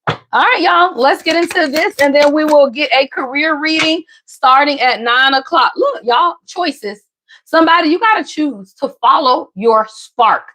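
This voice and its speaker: High-pitched woman reading tarot cards. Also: a little slow, bright, forceful tone, a little hiss or hum. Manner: emphatic, repeats "somebody" and "y'all", jumps in pitch. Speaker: tarot reader. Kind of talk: casual tarot reading to viewers.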